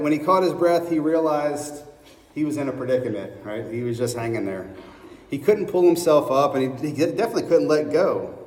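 A man's voice: on the high side, a little mellow. A man preaching a sermon as a pastor, telling a story and often checking in with a "right?". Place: large hall. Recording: echoey hall, mic far off.

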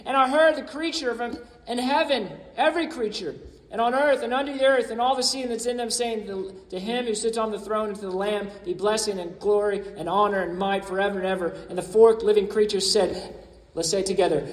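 A man's voice: high voice, steady tone, a little fast, a little hiss or hum. A male pastor preaching from scripture, breaking in with short asides, then leading a prayer. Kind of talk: sermon and closing prayer. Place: church sanctuary. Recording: echoey hall, speaker far from mic.

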